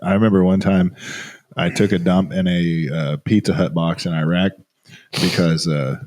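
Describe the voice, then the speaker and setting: A military veteran telling crude stories in casual podcast chat. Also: male voice, low voice, moderate pace. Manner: animated, crude storyteller.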